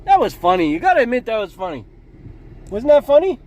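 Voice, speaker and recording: A man's voice: very high voice, huge pitch swings, fast talker, dark tone. A man vlogging from his truck, telling stories and dad jokes in a folksy, chuckling way. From Canada. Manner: folksy, chuckling, says "you know" often. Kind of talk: casual storytelling and dad jokes. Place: in a truck or vehicle.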